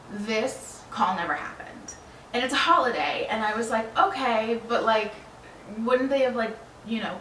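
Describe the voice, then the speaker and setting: A young woman from Long Island tells a storytime vlog in a lively, swearing way, playing out both ends of her phone calls. Her voice sits a little back from the mic in a roomy, echoey space. A faint hiss of noise hangs behind her. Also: mid-range voice. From Long Island, New York. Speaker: vlogger. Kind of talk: casual storytime. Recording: roomy echo, voice a bit far from the mic, faint background noise.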